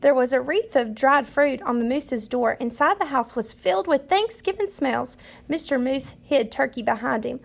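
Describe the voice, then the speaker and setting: Woman, storyteller, children's book read-aloud, high voice, gravelly texture, steady measured reading.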